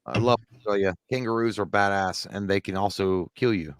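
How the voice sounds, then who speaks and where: Live-stream co-host, male, lowish voice, dry close sound; casual, profane, rambling. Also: fairly even intonation, a little fast, clean tone, no echo. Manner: loose, profane, rambling answers to chat. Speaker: live show co-host reading chat.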